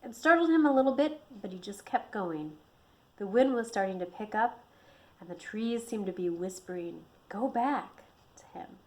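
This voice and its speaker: Woman author narrating her novel, medium pitch, expressive storytelling. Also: normal speed. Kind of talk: audiobook narration.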